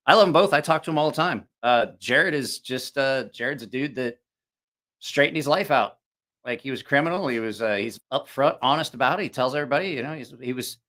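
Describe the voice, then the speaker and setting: A man's voice: mid-range voice, a bit bright. A man hosting a knife review channel, chatting casually on a stream, rambling and frank, swearing freely, with many restarts. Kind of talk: casual live-stream chat.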